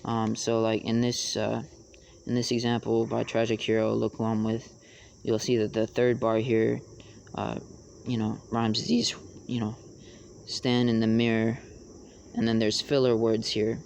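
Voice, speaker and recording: A young man explaining rap rhyme schemes in a casual tutorial, halting with many fillers. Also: lowish voice, level tone, vocal fry, darkish tone, a little hiss or hum. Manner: halting, many fillers, raps lines to demonstrate.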